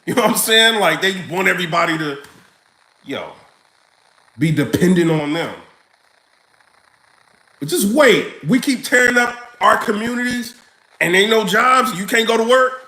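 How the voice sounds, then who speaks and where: A man ranting casually to camera, animated and joking, with lots of slang. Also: sits high, moderate pace, pauses often, reverberant. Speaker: vlogger.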